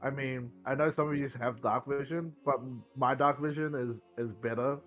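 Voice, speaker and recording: Male tabletop player, mid-pitched, stammering explanations, faint music behind. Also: steady tone, moderate pace, dull audio. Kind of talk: casual chat in a tabletop game.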